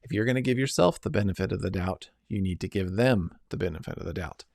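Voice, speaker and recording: A middle-aged man teaches a self-help method in an earnest, coaching way, pausing to check in with his listeners. His voice sits on the low side and sounds dry and close, with no room around it. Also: creaky, a little mellow, dry recording. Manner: earnest, coaching, repeats "right?" and "okay?". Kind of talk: instructional self-help talk.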